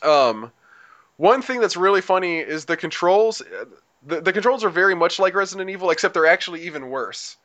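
A man's voice: high-pitched, lively intonation, a little fast, a bit bright, lo-fi sound. A man chatting casually on a podcast, explaining a video game at length in a rambling way with lots of fillers and restarts. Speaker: podcast co-host reviewing a game. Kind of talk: casual chat.

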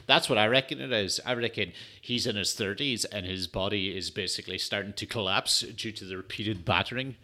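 A man rambles through a casual solo podcast, swearing freely and padding his talk with fillers. He sounds tired and yawns now and then. His voice sits low, with a bright, forceful edge. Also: fairly quick, few pauses. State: tired, yawning. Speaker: podcast host. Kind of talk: casual solo sports chat.

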